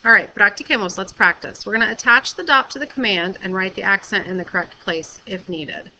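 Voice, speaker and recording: A woman teacher giving a recorded video lesson, explaining patiently and clearly and often checking with "okay?". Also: mid-range voice, brisk, bright, forceful tone, slight background noise, low-quality recording.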